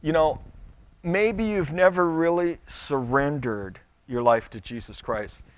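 A man's voice: fairly high pitch, slow pace, clear, resonant tone, no echo. A middle-aged male pastor preaching a sermon in a conversational way, stumbling over restarts and acting out little quotes.

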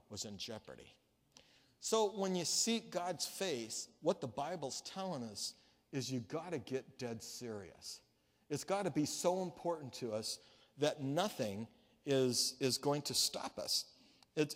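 A male pastor giving a sermon, telling a story in a conversational way with frequent restarts. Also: fairly high pitch. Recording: long reverb of a large hall.

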